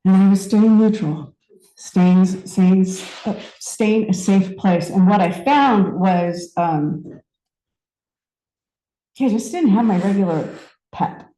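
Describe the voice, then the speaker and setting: A woman in her fifties giving a personal story sermon, conversational and reflective, with pauses and restarts. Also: mid-range voice, warm tone, reverberant, poor audio. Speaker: speaker at a spiritual center.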